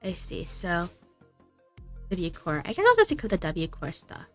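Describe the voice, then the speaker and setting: A woman's voice: lowish voice, huge pitch swings, normal speed, a bit bright, faint music behind. A woman VTuber in casual gameplay commentary, chatty and thinking aloud as she plays, laughing often. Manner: reads game dialogue aloud. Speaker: VTuber streamer.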